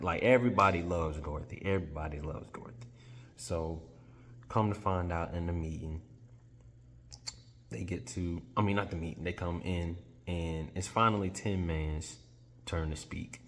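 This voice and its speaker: A man with a very deep voice retells a story in a casual, chatty manner. He is animated and keeps correcting himself mid-sentence. A long reverb hangs on his voice. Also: normal speed.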